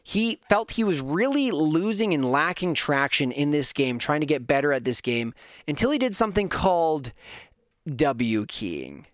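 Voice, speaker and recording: A man's voice: a little high, lively intonation, normal speed, no echo, studio quality. Rambling man hosting a solo podcast. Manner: rambling, self-mocking, lots of tangents. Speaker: podcast host. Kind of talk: casual solo podcast rant.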